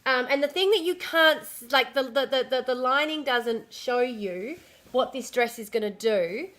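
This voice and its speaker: A woman's voice: high voice, moderate pace, a bit bright. A woman live-streaming casually from home, talking in a chatty, easily distracted way, swearing and restarting her sentences.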